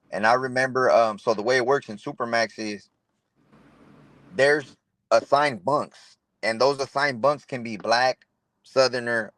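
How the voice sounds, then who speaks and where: A man's voice: medium pitch, a bit bright, dry recording. Man telling his story in street slang, dry close sound. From Los Angeles area, California. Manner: street slang, says "bro" a lot, retells dialogue. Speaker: interview guest. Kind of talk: casual storytelling interview.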